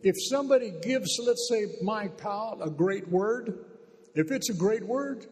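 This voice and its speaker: A man's voice: high voice, expressive, unhurried, a little mellow. Fervent preacher man in an echoey hall. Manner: fervent, emphatic preaching with repeated declarations. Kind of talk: sermon. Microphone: handheld microphone.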